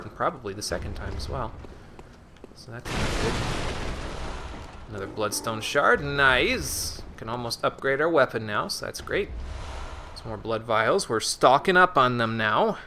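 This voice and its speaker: A man's voice: medium pitch, lively intonation, moderate pace, pushed and bright, a little hiss or hum. A man casually commenting on his own play during a live game stream, muttering and chatting with viewers. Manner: chatty, mutters to himself, reads chat aloud.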